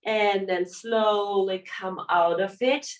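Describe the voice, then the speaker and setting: Woman yoga teacher talking slow, walking you through poses and breaths, easygoing. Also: mid-range voice, steady tone, low-quality recording. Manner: gentle, cueing breaths and poses, demonstrating as she talks. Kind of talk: guided yoga class instruction. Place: studio class recorded on video.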